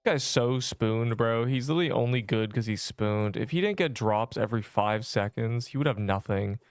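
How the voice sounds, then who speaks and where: A young gamer's voice is medium in pitch, clear and resonant, at a moderate pace. The recording is dry with clean studio quality. He jokes with viewers while streaming and throws in mock-dramatic outbursts, keeping the chat casual.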